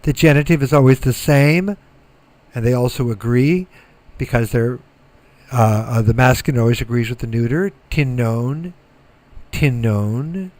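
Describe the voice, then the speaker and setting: A middle-aged man giving a recorded lecture, slow and methodical, repeating words so students can follow. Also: mid-range voice, a little mellow. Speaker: Greek teacher.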